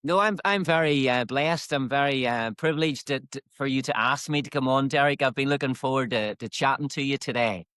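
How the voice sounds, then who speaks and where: A man's voice: medium pitch, fairly quick, hardly any pauses, fairly bright tone, clean tone, no room sound, clean studio sound. A man in his fifties with a Northern Irish accent, a fitness coach talking as a podcast guest, good-humoured and enthusiastic with small restarts. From Northern Ireland. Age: 50s. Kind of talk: casual podcast interview.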